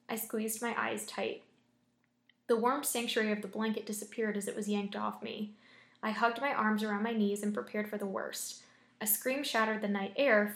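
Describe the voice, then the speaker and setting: A woman's voice: mid-range voice, vocal fry, fairly bright tone. A young woman reading scary stories aloud and chatting about them between stories, using lots of fillers when she reacts. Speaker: story reader and host. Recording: roomy echo.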